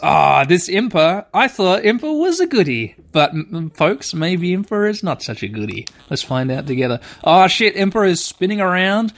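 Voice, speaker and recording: A young man playing a video game, playfully and excitably narrating what happens and reading the text aloud. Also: high voice, normal speed, few pauses. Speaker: game player. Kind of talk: let's play commentary. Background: faint game music.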